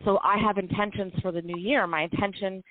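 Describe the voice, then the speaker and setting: Over a dry, tinny phone-line recording, a podcast co-host shares something personal from her own life. Her medium-pitched voice holds a steady tone, yet her delivery is emotional and heartfelt, alternating rapid bursts with drawn-out passages.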